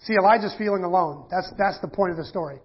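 A fast-talking preacher with a high, breathy voice reads from scripture and breaks it down, restarting sentences and using plenty of fillers. It's a conversational sermon on a dull, lo-fi recording.

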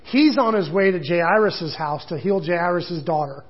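A man's voice: sits high, moderate pace, breathy edge, dull audio. A man preaching a sermon in a conversational way, with casual asides and quoted voices. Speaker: pastor.

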